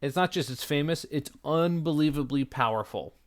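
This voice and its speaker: A man's voice: fairly high pitch, normal speed. A man teaching, going through a text line by line in a conversational way, asking himself rhetorical questions and answering them. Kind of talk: explaining a literary text line by line.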